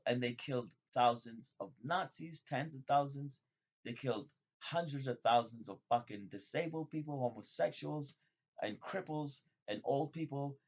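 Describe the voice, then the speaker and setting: A man vlogging in a rambling, profane monologue that jumps suddenly between loud excited bursts and low mutters. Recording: dull lo-fi sound.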